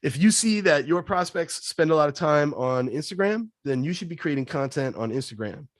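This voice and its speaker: Brief: upbeat male sales coach, slightly high voice, dry and close, quick punchy answers. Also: lively intonation, no echo. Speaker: guest sales trainer. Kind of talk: webinar Q&A answers.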